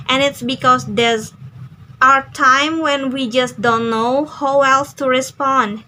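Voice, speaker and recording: A young woman reads a radio interview script aloud at an unhurried pace. Her voice sits high and bright, with a faint hiss behind it. She reads carefully, with small slips and restarts. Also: steady tone, rough recording. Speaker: student. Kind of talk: reading an interview transcript aloud.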